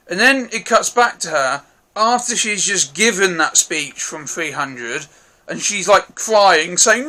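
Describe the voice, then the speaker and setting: A man giving a casual, rambling film review, frank and quick to swear, often hedging and apologizing in case he missed something. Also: high voice, lively intonation, bright, forceful tone.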